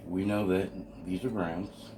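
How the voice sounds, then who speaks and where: A man's voice: low voice, steady tone, unhurried. A man eagerly talking through the assembly of a radio kit at his workbench, explaining each step as he goes. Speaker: amateur radio hobbyist building a kit. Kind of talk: hands-on kit assembly walkthrough. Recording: noisy home video recording.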